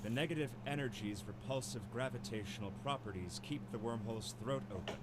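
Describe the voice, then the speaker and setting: A man voicing a calm, soft-spoken young man in a game, speaking in a measured tone with careful enunciation. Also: medium pitch, heavy background noise, close to an everyday voice. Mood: lecturing. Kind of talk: game character voice-over.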